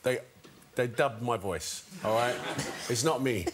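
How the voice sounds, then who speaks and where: A man's voice: medium pitch, unhurried, very noisy. A man with a London accent, a guest on a TV chat show, telling laughing anecdotes. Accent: London English. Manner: laughing, relaxed storytelling. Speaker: guest actor.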